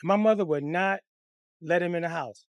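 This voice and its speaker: A man telling a comic personal story in a profane, animated, conversational way. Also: high-pitched, moderate pace, clean tone, no room sound, studio quality.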